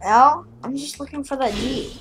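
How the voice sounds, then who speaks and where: A woman's voice: high voice, moderate pace, fairly bright tone, slight background noise, low-quality recording. Offhand woman gaming guest. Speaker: guest player. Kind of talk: casual gameplay chat.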